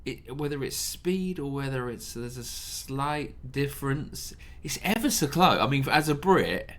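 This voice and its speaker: A British man co-hosting a reaction video and chatting casually. He thinks aloud, leaning on fillers. His pitch moves in a lively, animated way through a middle register. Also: unhurried. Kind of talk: casual chat.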